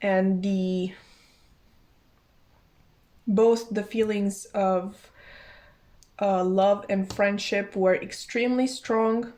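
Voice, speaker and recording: A woman's voice: mid-range voice, fairly even intonation, drawn-out words, pauses often, darkish tone. A young woman chatting casually through a tarot card reading, thinking aloud, often apologizing and restarting her sentences. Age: young adult. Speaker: tarot reader.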